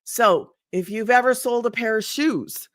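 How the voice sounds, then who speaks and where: A woman's voice: on the high side, unhurried, no echo. Chatty woman coaching online, dry close sound. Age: middle-aged. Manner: chatty, easily sidetracked, laughs often. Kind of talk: casual livestream teaching. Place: home room.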